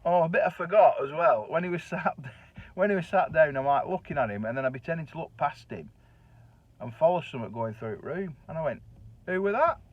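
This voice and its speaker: A man's voice: on the high side, fairly quick, no room sound. A middle-aged man with a Northern English accent, telling a colloquial, chatty anecdote with the odd swear word. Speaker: storyteller. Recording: dull, dry lo-fi recording.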